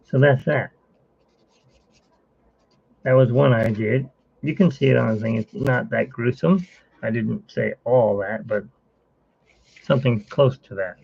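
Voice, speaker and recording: Gravelly, rambling man chatting while drawing. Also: mid-range voice, unhurried, pauses often, a little mellow, dry recording, highs cut off. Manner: rambling, self-interrupting. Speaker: artist streaming live. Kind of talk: casual chat while drawing.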